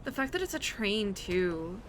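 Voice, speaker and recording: A woman giving casual, excitable reaction commentary as a VTuber, chatty and gushing. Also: medium pitch, measured pace, background noise. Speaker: VTuber reacting to an animated short. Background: faint music from the video.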